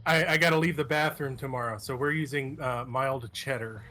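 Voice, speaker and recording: A man's voice: mid-range voice, a little fast, bright, forceful tone, faint music behind. A man chatting sheepishly and mocking himself in a casual gaming voice chat. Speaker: gamer in group voice chat.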